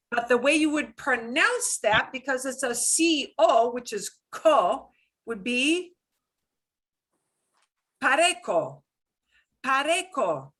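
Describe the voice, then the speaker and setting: A woman's voice: on the high side, pushed and bright. A middle-aged woman teaching a Spanish class, explaining grammar step by step in a chatty way with fillers and asides.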